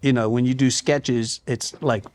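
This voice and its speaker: An older man as an interview guest, speaking in a relaxed, halting way, often repeating words and dropping into hushed asides when he quotes himself. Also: medium pitch, slight background noise.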